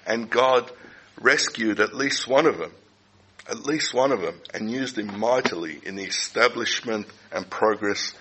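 A middle-aged man preaching a sermon, speaking deliberately and repeating key phrases for emphasis. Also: fairly low pitch, sharp tone, slightly rough, low-quality recording.

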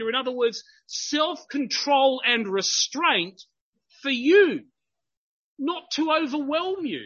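High, bright-voiced earnest male preacher. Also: animated, slow pace, lo-fi sound. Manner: earnest, grows emphatic when quoting. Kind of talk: sermon.

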